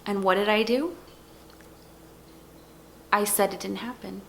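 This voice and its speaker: A woman's voice: mid-range voice, fairly even intonation, measured pace, vocal fry, pauses often, a bit bright. A young adult woman speaking earnestly in a personal testimony vlog, leaning on repeated words for emphasis. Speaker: vlogger.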